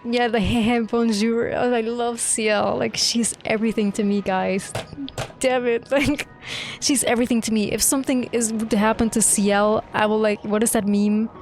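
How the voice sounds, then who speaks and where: A young woman streamer reacting live to a game, excitable and gushing, swearing freely. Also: on the high side, moderate pace. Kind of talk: live gameplay reaction commentary. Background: faint game music.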